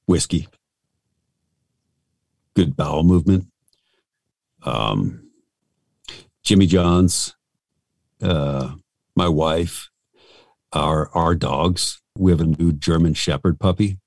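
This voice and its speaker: A man's voice: extremely low pitch, takes it slowly, creaky, pauses often, darkish tone, no echo, studio quality. A middle-aged male voice actor talking casually and frankly in an interview, rambling and self-deprecating.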